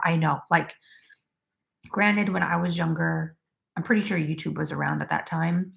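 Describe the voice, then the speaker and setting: On a crochet livestream, a woman in her twenties speaks in a deep, creaky voice with a steady tone and fairly bright quality, at normal speed. She casually reads out comments from viewers, leans on "like" often, and is quick to laugh.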